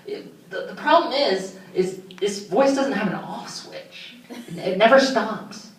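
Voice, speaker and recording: A man's voice: high-pitched, measured pace. A young man doing stand-up, telling rambling, self-deprecating stories full of fillers, recorded from far off in a roomy hall. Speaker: stand-up comedian. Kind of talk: stand-up comedy storytelling.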